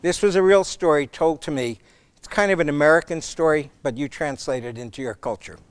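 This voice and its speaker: A man's voice: fairly high pitch, a little fast, slight background noise. A man speaking as a guest lecturer on leadership, telling stories with some fillers and restarts.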